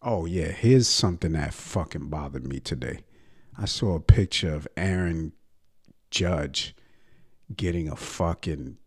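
A man's voice: sits low, breathy edge. A young man ranting about sports on a podcast, brash, profane and mocking.

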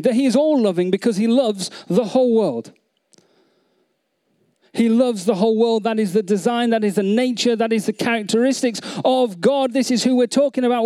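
With a very high-pitched voice and a dark tone, this pastor delivers an earnest sermon. He restarts frequently, repeats phrases and asks the congregation questions.

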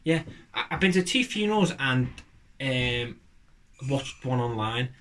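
A man's voice: mid-range voice, lively intonation, measured pace, fairly bright tone. A man chatting on a podcast, rambling and joking with lots of fillers and restarts. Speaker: podcast co-host. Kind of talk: casual chat.

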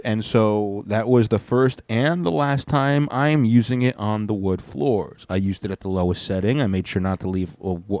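A man's voice: lowish voice, a little mellow, no room sound. A man hosting a solo podcast from home, rambling casually with lots of swearing. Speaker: podcast host. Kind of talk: solo comedic podcast rant. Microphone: headphones on, podcast mic.

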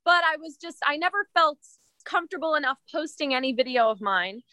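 A woman's voice: high voice, lively intonation, brisk, pushed and bright, no echo. A young woman interviewed as a guest, telling stories in a chatty, self-deprecating way. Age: young adult. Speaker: guest composer. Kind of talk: interview answers.

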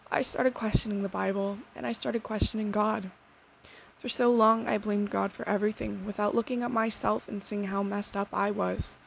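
A young woman in her teens sharing a personal faith testimony in a sincere, soft-spoken, reflective way. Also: medium pitch, creaky. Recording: dull lo-fi sound with faint noise.

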